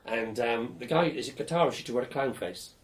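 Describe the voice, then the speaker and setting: An older man being interviewed for an oral history, telling lively, blunt stories about his student days. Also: mid-range voice, a little fast. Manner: lively storyteller, animated and blunt, swears casually.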